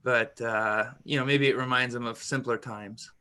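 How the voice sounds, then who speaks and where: Bright-voiced man describing his character. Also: medium pitch, steady tone, normal speed, clean tone. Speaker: player.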